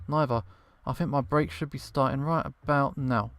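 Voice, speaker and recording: Man voicing a cold sarcastic dragon scientist woman, visual novel, middle-pitched voice, faint game music behind. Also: fairly even intonation, normal speed, no room sound, close to an everyday voice. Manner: dry, sarcastic, dismissive reading. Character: sharp-tongued female dragon scientist, curt and impatient.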